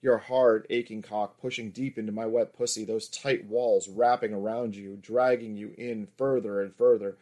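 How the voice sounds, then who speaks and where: A man's voice: lowish voice, fairly even intonation, normal speed, few pauses, dark tone, close to an everyday voice. A man reading a teasing seductive woman. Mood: sultry. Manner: teasing, coaxing. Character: confident seductive experienced woman lover. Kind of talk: erotic audiobook reading.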